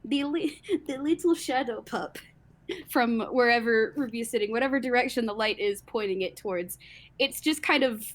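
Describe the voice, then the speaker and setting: A woman's voice: on the high side, normal speed. A woman casually narrating in a tabletop game, chatty and giggling often.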